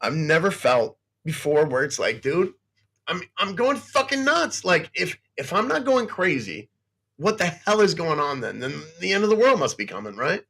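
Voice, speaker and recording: A man's voice: a little high, very animated, moderate pace, a bit bright, husky. A man on a livestream talking in an emotional, agitated way, cursing constantly and swinging between boasting and distress. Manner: boastful, then distressed and pleading. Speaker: guest on a livestream. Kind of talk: emotional casual chat.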